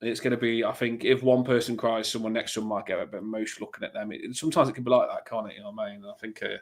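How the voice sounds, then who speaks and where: A man with a stuffy cold co-hosting a casual fan podcast, excitable and teasing. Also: lowish voice, very fast. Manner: excitable, laughing, teasing banter. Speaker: podcast co-host.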